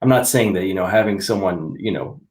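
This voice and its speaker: A man's voice: low-pitched, brisk, darkish tone, echoey room. A man co-hosting a podcast, chatting casually and rambling, with lots of "you know" as he hedges his points. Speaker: podcast co-host, comic artist. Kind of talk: casual chat.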